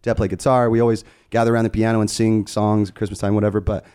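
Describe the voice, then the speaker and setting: A man's voice: on the low side, quick pace, clean tone. A man from Las Vegas, a musician guest on a podcast, chatting casually, telling stories with lots of laughter and swearing. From Las Vegas, USA. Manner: excitable, laughing storyteller, swears freely.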